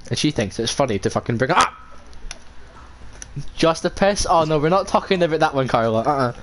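A man's voice: fairly high pitch, a little fast. A young man chatting casually while gaming, joking and swearing freely. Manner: jokey, swears freely, excitable yelps. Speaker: gaming streamer. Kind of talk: casual gaming chat over voice call. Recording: clear background noise.

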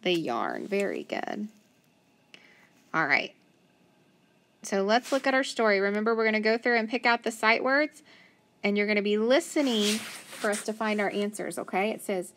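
A woman's voice: medium pitch, big pitch swings, a bit bright. A woman teaching a children's phonics lesson, patiently sounding out syllables and praising answers. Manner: slow, patient, sounding words out. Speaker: reading teacher.

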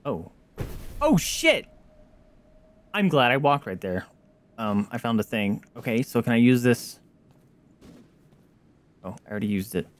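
A man streaming a video game, reacting with animated exclamations and casual swearing. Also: lowish voice, moderate pace, long pauses. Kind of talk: casual gameplay commentary.

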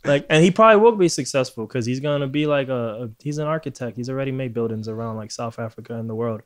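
A man's voice: medium pitch, fast. Profane ranting man, casual podcast host. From Puerto Rico. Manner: profane, ranting, laughs often.

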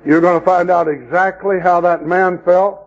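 This muffled recording captures a high-pitched man preaching at a camp meeting, his tone steady and his pace normal. Spinning homespun tales, he ridicules the folks in them and slips into mocking voices whenever he quotes someone.

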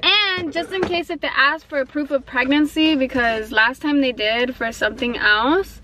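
A woman's voice: high voice, normal speed, pushed and bright. A young woman vlogging casually, chatty and giggly, talking with a slight lisp from her retainers. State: pregnant. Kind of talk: casual vlog chat.

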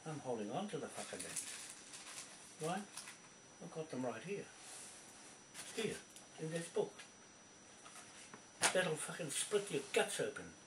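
Sitting at a computer indoors, a man posts a furious rant to camera in a fairly high, sing-song voice, speaking slowly with long pauses. He curses nonstop and confronts people by name, while the audio sounds roomy and off-mic with faint noise behind him.

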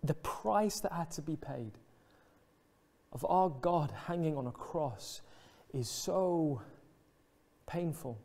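A male pastor preaching earnestly, his voice pitched a little high yet mellow and warm in tone. He slows and softens on the tender moments, reflective rather than showy. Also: animated. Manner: earnest, reflective, dips soft and slow on emotional lines. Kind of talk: sermon. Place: church.

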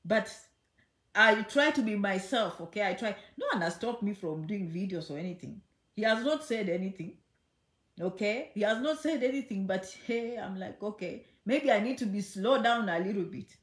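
A woman's voice: medium pitch, expressive, moderate pace. A woman vlogging to her viewers in a chatty, emphatic way, repeating phrases and teasing her audience. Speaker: immigration vlogger. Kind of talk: casual direct-to-camera talk. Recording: echoey room.

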